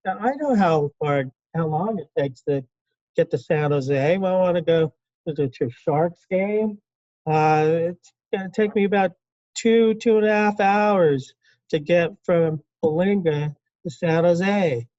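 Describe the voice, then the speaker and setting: A man teaching a classroom lecture in a conversational way, asking the class questions and acting out quick quotes. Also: high voice, darkish tone, no echo, dull audio. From California.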